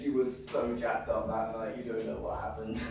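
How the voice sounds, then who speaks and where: An actor playing a stoned, giggly young Jesus with a Liverpool accent, rambling in a live stage comedy sketch. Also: male voice, fairly low pitch, flat delivery, normal speed, creaky, noisy background. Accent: English, Liverpool. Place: club stage, heard from the room. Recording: echoey, distant, muffled lo-fi room recording.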